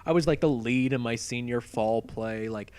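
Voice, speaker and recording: A man's voice: medium pitch, moderate pace, smooth, no room sound. A young man of about twenty, co-hosting a podcast and telling stories in casual chat, full of "like" fillers. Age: around 20. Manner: animated storyteller, frequent "like" fillers. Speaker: podcast co-host.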